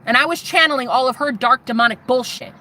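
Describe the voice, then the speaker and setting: A woman's voice: high voice, quick pace, pushed and bright, slight background noise. A woman vlogger telling an intense personal testimony, swearing and speaking straight to her viewers.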